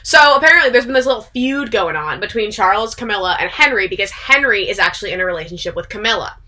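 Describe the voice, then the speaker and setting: A woman's voice: mid-range voice, animated, fast talker, pushed and bright. A young woman casually retelling a story to a friend, chatty and full of "like" and swearing, laughing often. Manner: frequent laughter. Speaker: video creator.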